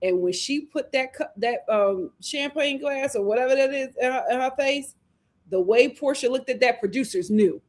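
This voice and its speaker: Animated woman hosting a live recap. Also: high voice, normal speed, slight background noise. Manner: animated, acts out cast members' lines, laughs often. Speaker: reality TV recap host. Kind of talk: live casual review chat.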